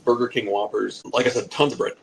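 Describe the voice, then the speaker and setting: Man, 40s, podcast storyteller: gravelly, profane, loose and rambling, laughs at his own lines. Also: medium pitch, steady tone, fast, background noise. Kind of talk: casual comic anecdote.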